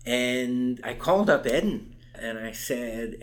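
A man's voice: mid-range voice, lively intonation, moderate pace, hardly any pauses. An older man telling a story in an interview, with emphasis, acting out the people he quotes. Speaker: interview guest. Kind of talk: recounting a campus case in conversation.

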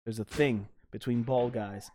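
A man's voice: mid-range voice, a little slow, slight background noise. A man co-hosting a podcast, telling a story in casual, profane chat. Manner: animated, profane, laughs while telling a story. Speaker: podcast co-host.

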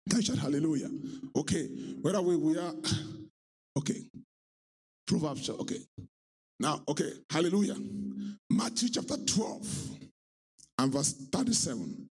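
A man pastor preaching a sermon, swinging between low talk and high, shouted, sung-out lines. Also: expressive, normal speed, pauses often, slightly rough, faint music behind.

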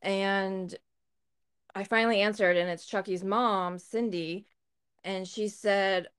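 A woman's voice: mid-range voice, fairly even intonation, slow, clean tone. A woman co-hosting a podcast, telling a personal story in a candid, blunt way and swearing freely. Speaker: podcast co-host. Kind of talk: casual storytelling.

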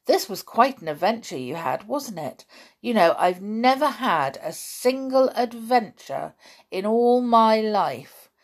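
A woman reading aloud, voicing an eager, excitable farm boy who longs for adventure. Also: takes it slowly, heavily acted. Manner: eager, breathless, pitched up.

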